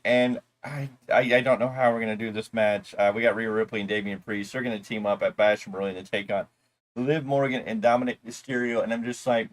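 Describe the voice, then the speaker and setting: A man's voice: lowish voice, steady tone, a little fast. A man co-hosting a wrestling review show, recapping the episode in a rambling, casual way with loose asides.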